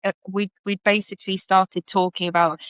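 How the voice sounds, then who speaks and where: A woman joining a casual interview as a guest, speaking in a measured, reflective way. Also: mid-range voice, level tone, fairly bright tone, clean tone, no echo. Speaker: guest, wife of the main guest.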